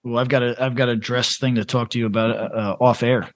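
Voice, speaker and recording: A man co-hosting a casual podcast, talking in an animated, profane way and laughing often. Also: medium pitch, fast talker, no echo. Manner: animated, profane, laughing, reading posts aloud. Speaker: podcast co-host.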